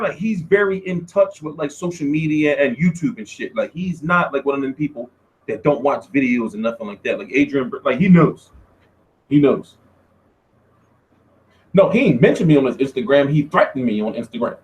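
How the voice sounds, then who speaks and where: A man hosting a casual boxing Q&A stream, talking loosely and profanely, with loud, high-pitched outbursts when he tells a story. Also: low-quality recording. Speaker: boxing show host.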